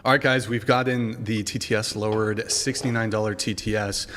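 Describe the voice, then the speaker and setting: A man's voice: fairly low pitch, fairly even intonation, normal speed, a bit bright, a little hiss or hum. A man hosting a livestream, chatting casually and thanking donors. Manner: casual, reads out donations. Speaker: stream host.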